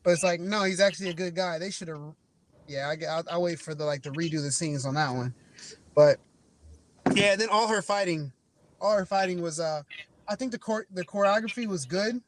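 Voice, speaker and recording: A man's voice: high-pitched, a little fast, a little hiss or hum. A man on a video call chatting casually about a movie, rambling with lots of fillers. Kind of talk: casual movie review chat. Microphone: video call with a dropping connection.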